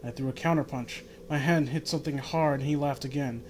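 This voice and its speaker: In a noisy home recording, a man reads an amateur first-person horror fan story aloud, now and then breaking off for wry, offhand asides. His voice is medium-pitched, steady, brisk, and a little mellow.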